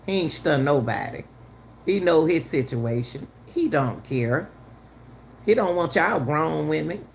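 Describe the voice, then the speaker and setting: A woman's voice: sits low, animated, a little slow, gravelly, a little hiss or hum. A middle-aged woman giving heated, casual commentary to her viewers, repeating herself for emphasis. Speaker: channel host commenting on a news case.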